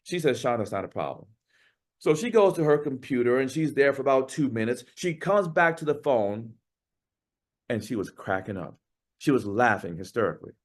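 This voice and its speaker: A man giving a keynote talk, telling a story with dramatic pauses and acting out the dialogue. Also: mid-range voice, expressive. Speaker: keynote speaker.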